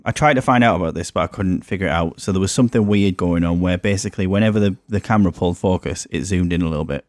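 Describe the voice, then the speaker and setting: A man's voice: low voice, racing, darkish tone, no room sound, studio quality. A man co-hosting a casual film podcast, hesitant and full of restarts, reading out trivia. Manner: hesitant, restarts often, reads trivia aloud. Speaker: podcast co-host. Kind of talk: casual film review chat.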